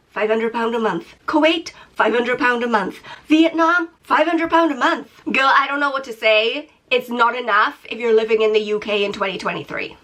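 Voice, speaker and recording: A British woman in her thirties talks through her budget in a chatty, self-mocking vlog. Her voice sits a little high and sounds stuffy and nasal from a cold. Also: sharp tone. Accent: British English. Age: 30s. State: sick, nasal and congested. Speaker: YouTuber.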